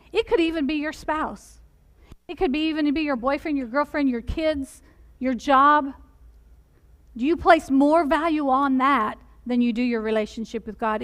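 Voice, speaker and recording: A woman preaching a sermon in a church, earnestly putting direct questions to her listeners and softening her voice for the gentle points. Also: high-pitched. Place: church sanctuary.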